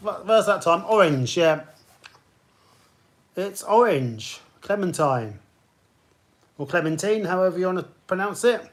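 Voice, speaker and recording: Casual male quiz host, upbeat and higher-pitched, chats with players between questions. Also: animated, normal speed, pauses often. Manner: chatty, greets players by name between questions. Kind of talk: live-streamed pub quiz hosting.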